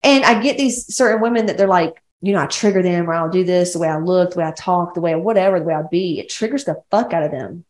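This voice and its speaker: Quick-paced with few pauses, a slightly mellow, low-leaning voice rings in a reverberant space. It's a West Georgia woman with a Southern accent, a women's coach hosting a casual solo podcast, who rambles, speaks bluntly, and swears plenty.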